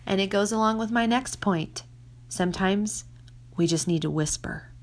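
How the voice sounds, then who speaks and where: A woman, a mother of six, giving casual faith-based advice in an earnest way, sometimes dropping to a soft whisper for emphasis. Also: medium pitch, normal speed. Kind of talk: casual Christian teaching talk.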